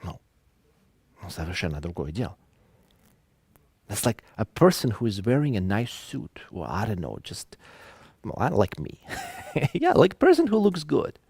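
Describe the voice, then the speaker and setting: A man giving an online lecture, talking in an animated way with musing asides and reading examples aloud. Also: on the low side, moderate pace, gravelly, pauses often, breathy edge, dry recording.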